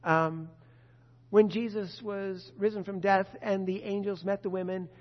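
A pastor preaching a sermon to his congregation, emphatic and expressive. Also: high-pitched, measured pace. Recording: dull lo-fi sound with long reverb.

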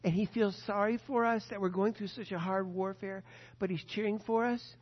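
Earnest high-voiced male preacher in a reverberant hall. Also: steady tone, normal speed. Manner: earnest, repetitive, swings between hushed and emphatic. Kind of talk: sermon. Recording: dull lo-fi sound with long reverb in a large hall.

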